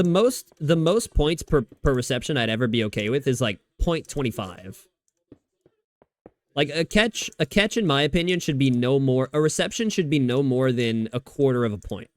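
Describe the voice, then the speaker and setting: A man's voice: a little high, expressive, normal speed, dry recording. A man streaming live, chatting casually and rambling about football, often restarting his sentences and swearing freely. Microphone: desk microphone.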